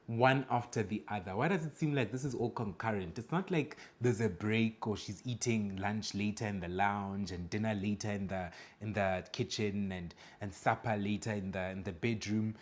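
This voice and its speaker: A man with a fairly low voice reacts to clips with blunt, judgmental remarks. He lectures his viewers in a direct, opinionated way. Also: normal speed, hardly any pauses. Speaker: reaction video host. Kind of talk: reaction commentary.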